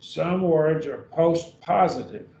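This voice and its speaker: A man's voice: fairly high pitch, animated, takes it slowly, gravelly, mellow. A man teaching a beginning Greek class at a church, patient and often checking whether students follow. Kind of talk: classroom lesson. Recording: dull roomy sound from far off.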